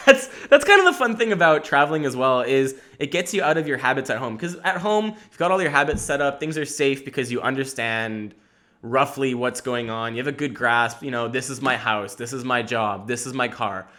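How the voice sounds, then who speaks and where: Bright-voiced rambling podcast host. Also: male voice, medium pitch, a little fast. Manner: rambling, animated storytelling, swearing and laughing. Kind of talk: casual solo podcast monologue.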